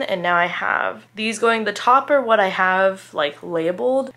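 A woman's voice: mid-range voice, fairly bright tone. A woman in her twenties chatting casually to camera at home as a book vlogger, candid and rambling, often trailing off mid-thought. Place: home, indoors.

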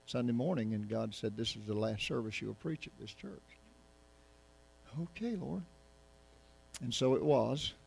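Folksy pastor, rambling sermon. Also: male voice, medium pitch, creaky, darkish tone. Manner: folksy, joking, rambling with many restarts. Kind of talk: casual sermon to a congregation. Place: church sanctuary.

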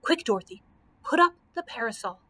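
A woman voicing a cheerful male scarecrow in a storybook, bright and eager. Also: a little high, lively intonation, a little fast, slightly rough.

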